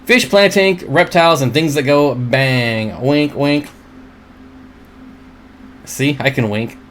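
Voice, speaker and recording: Male stream host, mid-pitched and casual, chatty and joking, home setup. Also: measured pace, fairly bright tone, a little hiss or hum. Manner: rambling and chatty, often laughs at his own jokes; reads viewer comments aloud and answers them. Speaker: livestream host. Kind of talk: casual livestream chat.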